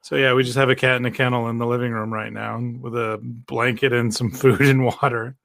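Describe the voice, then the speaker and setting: A man from Canada joins a casual podcast livestream as a guest. His voice is strongly gravelly with a mid pitch, and he tells easygoing stories in a relaxed, joking way. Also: a little fast, no room sound, studio quality. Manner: laid-back, joking, easygoing storyteller.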